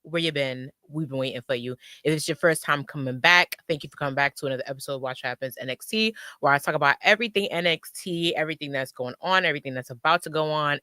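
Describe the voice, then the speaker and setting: A host chatting casually on a live stream, close to the mic, repeating phrases and giving shout-outs. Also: mid-range voice, smooth, no echo.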